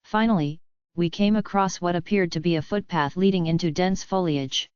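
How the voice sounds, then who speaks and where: A woman giving scripted first-person audiobook narration in an even, steady reading. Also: on the low side, moderate pace, clean tone, no room sound. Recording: dull lo-fi dry audiobook recording.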